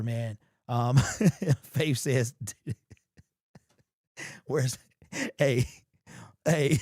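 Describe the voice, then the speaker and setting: A man with a hoarse, sore-throated voice, hosting a casual sports livestream and chatting loosely with viewers. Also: medium pitch, mellow, no room sound, clean studio sound. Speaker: sports show host.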